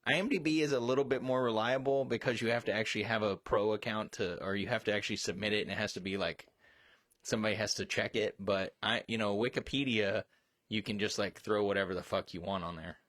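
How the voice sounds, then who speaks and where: A man co-hosting a casual chat, rambling, profane and quick to get excited. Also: on the low side, no room sound, studio quality. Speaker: co-host.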